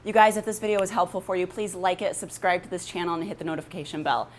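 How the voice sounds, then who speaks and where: A woman dog trainer in an instructional vlog, explaining calmly and plainly, and breaking into a high, gushing voice when she praises her dog. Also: fast, a little hiss or hum.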